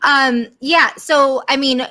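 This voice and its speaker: A woman's voice: high voice, steady tone, takes it slowly, pushed and bright, no room sound. A woman co-hosting a casual chat, talkative with many fillers and easy laughter. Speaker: co-host.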